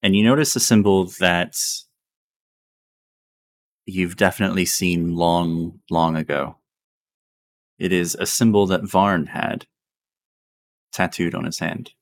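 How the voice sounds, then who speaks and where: A man running a tabletop game as game master, talking slowly and casually and swearing now and then. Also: sits low, gravelly. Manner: slow, relaxed, swears casually.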